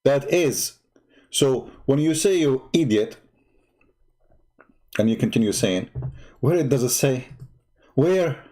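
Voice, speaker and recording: A man hosting a live stream, mocking and sarcastic, growing loud and excited as he argues. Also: mid-range voice, slow, pauses often. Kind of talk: live-streamed religious debate talk.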